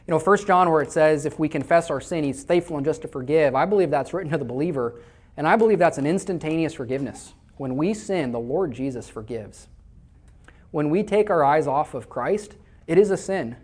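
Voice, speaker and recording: An Iowa man's sermon to his congregation is told through conversational stories, with words frequently repeated as he starts each phrase. He speaks briskly in an animated, fairly high voice with a darkish tone, live in church.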